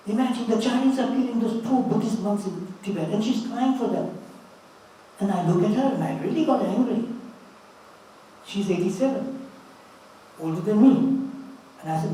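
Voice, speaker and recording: Elderly man, high and mellow, echoey. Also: moderate pace, long pauses, slight background noise. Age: 80s. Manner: storytelling, fatherly and earnest. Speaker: speaker giving a talk. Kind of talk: motivational spiritual talk. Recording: roomy, distant mic with faint ambience.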